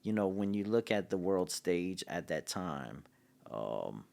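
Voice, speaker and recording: Podcast guest: middle-aged man, very low voice, halting storyteller. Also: gravelly. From Louisiana, USA. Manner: halting, many restarts and fillers, grows excited. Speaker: podcast guest, city public relations director. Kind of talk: storytelling in casual conversation.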